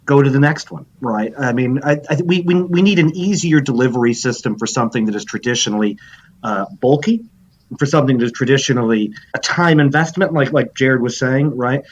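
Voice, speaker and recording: A man's voice: mid-range voice, brisk, highs cut off, slight background noise. A man in casual podcast chat who talks in circles, hesitant and full of restarts. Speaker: podcast guest writer.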